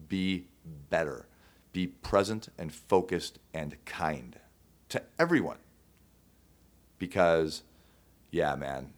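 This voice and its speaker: A man with a notably deep voice speaks straight to his listeners in a sincere, emotional monologue. He pauses, restarts and presses on with conviction. He sounds like the host of his own show. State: choked up at times. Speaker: podcast host. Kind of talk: heartfelt monologue.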